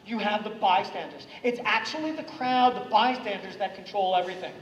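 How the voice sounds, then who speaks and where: Guy doing an anti-bullying talk at a school, lively, recorded from far back in an echoey hall. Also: high voice, fairly quick, dull audio. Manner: energetic, gets the audience to repeat lines.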